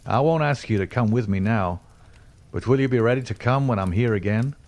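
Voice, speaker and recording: A man's voice: mid-range voice, fairly quick, darkish tone, lightly acted. A man voicing an ardent, resolute young pioneer who talks in an earnest, tender way.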